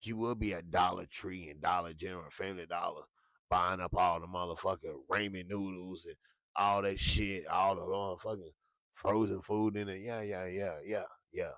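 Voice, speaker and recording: A man hosting a casual talk show, ranting with lots of profanity and animated swings into high yelps. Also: normal speed, dry recording, clean studio sound. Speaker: show host.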